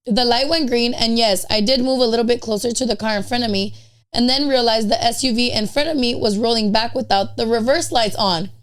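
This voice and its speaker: Woman host telling a story on a podcast, kinda high voice, chatty. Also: clear, resonant tone. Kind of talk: casual chat, reading a prepared story.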